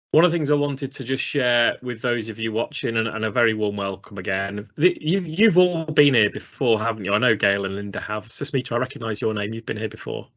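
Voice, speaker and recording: A man from England co-hosts a live training stream over a video call, chatting casually, rambling off track, and poking fun at himself. His lowish voice is a bit bright, captured on a studio mic through slightly dull lo-fi stream audio.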